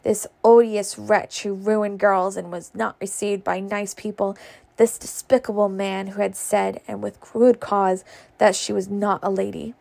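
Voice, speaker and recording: A woman's voice: mid-range voice, flat delivery, measured pace, creaky, a little mellow. A woman reading a classic novel aloud casually, stumbling over words now and then. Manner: stumbles and laughs at slips. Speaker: reader.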